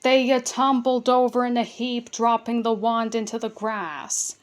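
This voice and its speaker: A woman reads a children's storybook aloud in a fairly high voice. Her pace is slow and deliberate, and she occasionally stumbles and restarts a word before carrying on. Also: flat delivery. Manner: careful reading with small stumbles and restarts. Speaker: storybook reader. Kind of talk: reading a children's book aloud.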